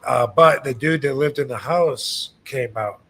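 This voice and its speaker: A man's voice: medium pitch, a little slow, heavy background noise. A man, hosting a casual podcast chat and telling stories with many fillers and restarts. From Michigan, United States. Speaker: podcast host.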